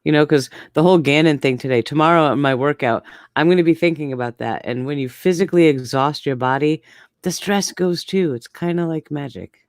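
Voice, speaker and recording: A woman's voice: deep voice, a little fast, darkish tone, no echo, studio quality. A woman in her forties talking candidly in casual chat, often breaking into laughs. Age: 40s.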